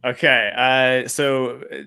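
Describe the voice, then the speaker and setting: A man's voice: medium pitch, little pitch movement, takes it slowly, vocal fry, sharp tone, smooth. Man with rambling, filler-heavy setups. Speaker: comedy guest. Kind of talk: casual pun telling.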